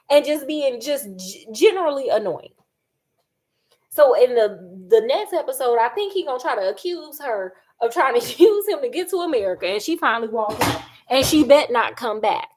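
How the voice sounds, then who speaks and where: A woman vlogging while she cooks, chatting casually in an animated, sassy way and acting out quotes. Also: on the high side. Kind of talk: casual chat while cooking.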